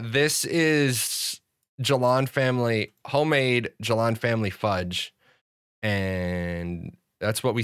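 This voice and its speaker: A man's voice: medium pitch, pushed and bright, smooth, no room sound. Rambling male show host, dry sound. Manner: rambling storyteller, many fillers and restarts. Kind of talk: casual livestream chat.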